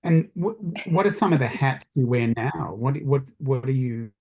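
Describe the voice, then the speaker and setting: A man's voice: mid-range voice, lively intonation, normal speed, a little mellow. A man hosting an interview, asking curious questions of his guest. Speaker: interview host.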